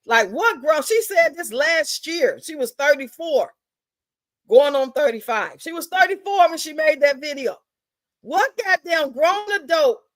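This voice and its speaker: A woman's voice: high-pitched, no room sound. Blunt, profane woman live-streamer. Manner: blunt, profane, drawling and chatty. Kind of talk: casual live-stream gossip commentary.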